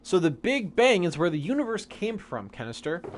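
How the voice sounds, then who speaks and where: A man's voice: high voice, very animated, moderate pace, slight background noise. A young man live-streaming a game, casually and patiently explaining science questions from chat.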